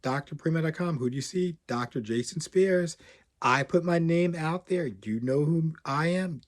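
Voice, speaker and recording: A man who coaches premed students, telling his own story to camera in a loose, rambling way, often trailing off with "whatever". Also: mid-range voice. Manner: rambling, animated, repeats "whatever".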